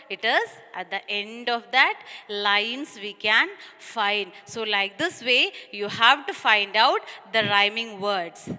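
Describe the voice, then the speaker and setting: A woman's voice: on the high side, pushed and bright, long reverb tail. A woman school teacher with an Indian English accent, reading a poem aloud and explaining it patiently to young children. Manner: patient, speaks to children as "dears". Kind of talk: online class lesson, reading a poem aloud.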